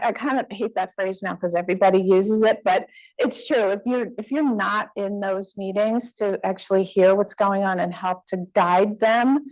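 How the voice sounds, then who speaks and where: A woman with a slightly mellow, medium-pitched voice answers questions from the audience in a conference room following her talk. The recording is rough, and her replies are conversational, full of fillers and restarts.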